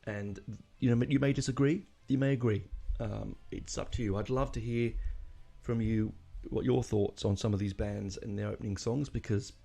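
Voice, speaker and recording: A man's voice: on the low side, fairly even intonation, normal speed, gravelly, warm tone. A man hosting a casual music podcast, rambling and emotional, with lots of fillers and restarts. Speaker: podcast host.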